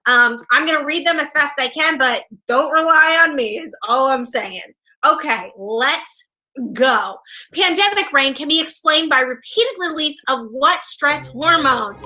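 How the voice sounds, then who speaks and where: Woman, quiz host, high voice, bright tone, bubbly, playful. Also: a little slow, low-quality recording. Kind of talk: upbeat game show hosting.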